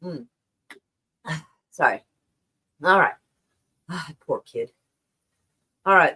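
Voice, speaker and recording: A woman's voice: low voice, lively intonation, very slow, pauses often, bright, forceful tone, slightly rough. Slightly breathless woman, rambling livestreamer. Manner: rambling and profane, with many restarts. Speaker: livestream news commentator. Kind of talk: casual livestream commentary, reading news aloud.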